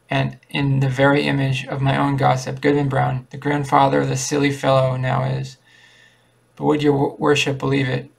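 A man reading the lines of a gossiping old woman who cackles, in his own flat, barely changed voice. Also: medium pitch, vocal fry.

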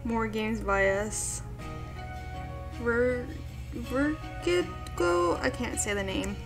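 A young woman giving let's play commentary as host, excitable and yelping at the game. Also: mid-range voice, slow, music in the background. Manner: excitable, yelps and shouts at the game. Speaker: gaming video host.

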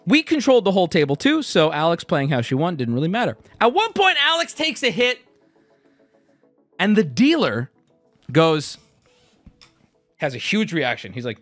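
A man's voice: a little high, moderate pace, pauses often, no echo, soft background music. A man in his thirties casually telling a swear-filled story, acting out what people said. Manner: animated, swears often, acts out quotes.

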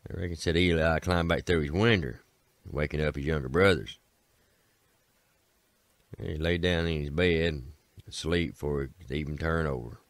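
Very deep-voiced man, Appalachian accent, folksy storyteller, dry close recording. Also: moderate pace, pauses often, no echo. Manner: folksy, repeats "said" often, voices characters. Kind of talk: folk tale storytelling.

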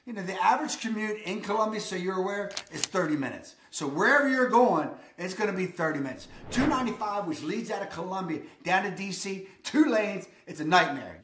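A man's voice: high voice, a bit bright, echoey room, slight background noise. A man hosting a real estate vlog, enthusiastic and emphatic, leaning on the same catchphrases again and again. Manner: enthusiastic, emphatic, repeats "I'm telling you". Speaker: real estate video host.

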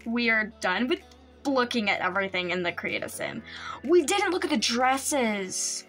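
A woman with a fairly high voice hosts a let's-play commentary. She gushes, gasps and squeals often, and slips into playful laughter. Soft music sits faintly underneath. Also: lively intonation, normal speed. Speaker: gaming channel host.

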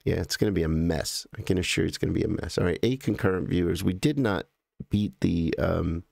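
An American man hosting a live stream, chatting casually and in a halting, rambling way as he greets viewers by name. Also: low-pitched, vocal fry, darkish tone, no room sound, studio quality.

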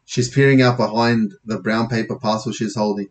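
A man's voice: on the low side, steady tone, normal speed. A man narrating a comic first-person audiobook in a casual, wry manner, sometimes correcting himself.

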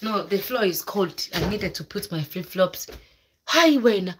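Dramatic and exclaiming, a woman vlogger tells her live viewers a story in a mid-range, expressive voice that's a little slow and slightly rough. She mixes local words into the casual, chatty storytelling.

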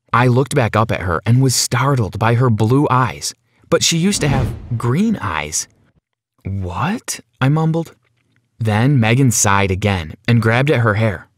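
A man narrates his own story for an animated video, leaning into the drama with an anxious edge. His voice sits in a middle range and moves up and down a lot as he tells it. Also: mid-range voice, a little hiss or hum. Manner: dramatic, anxious first-person telling.

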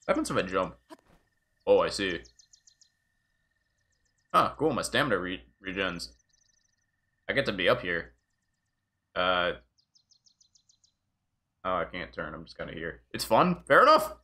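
Animated, joking male game streamer. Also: low voice, measured pace, pauses often. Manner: joking, animated, swears freely. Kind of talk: casual live gameplay commentary.

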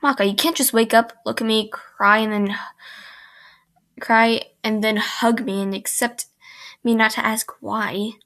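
A young woman reading a cocky teenage boy in a fan fiction. The lines come out plain and a little halting, with no real voice put on, and the tone sits fairly high. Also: fairly even intonation, a bit bright. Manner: plain read-aloud delivery, stumbling over words. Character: teenage boy, laid-back and smirking.

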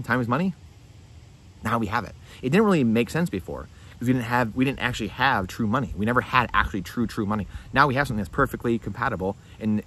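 A male vlogger speaks straight to camera at a rapid clip, hammering points home through repetition and rhetorical questions. His delivery is emphatic and urgent. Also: mid-range voice, a bit bright, a little hiss or hum. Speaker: finance vlogger. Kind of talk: direct-to-camera commentary.

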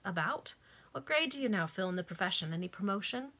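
A woman's voice: mid-range voice, lively intonation, fast talker, sharp tone. A woman as a breezy young valet. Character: jaunty male valet.

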